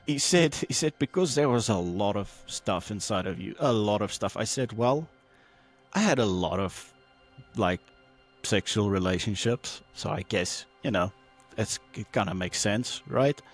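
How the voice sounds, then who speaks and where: A man guest on a podcast telling a personal testimony in an animated way, acting out the voices he quotes, with many fillers and restarts. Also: lowish voice, a little slow, soft background music.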